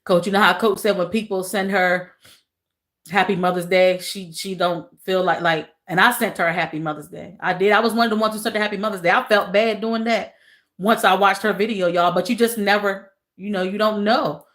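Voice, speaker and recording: A woman hosting a casual livestream, talking with viewers in an emotional, soft way, repeating phrases and calling them y'all. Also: medium pitch, steady tone, a little fast. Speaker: livestream host.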